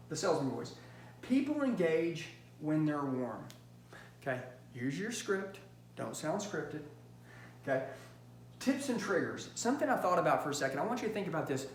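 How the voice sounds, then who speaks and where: Emphatic high-voiced male sales trainer. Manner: emphatic, punchy, keeps checking in with the audience; acts out phone calls in quick bursts. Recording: roomy echo with faint hum.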